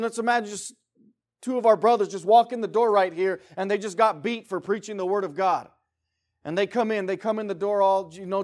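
A man with a fairly high voice preaches to his congregation in a church meeting room. He swings from loud, emphatic passages down to quiet, intense questions aimed at his listeners. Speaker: pastor. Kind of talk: sermon.

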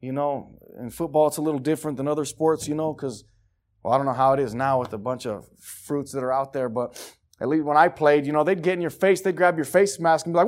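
A pastor preaching a sermon, moving from quiet, rambling talk with restarts to loud, urgent exhortation. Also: male voice, on the high side, fast talker. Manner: conversational, with repetitions and restarts.

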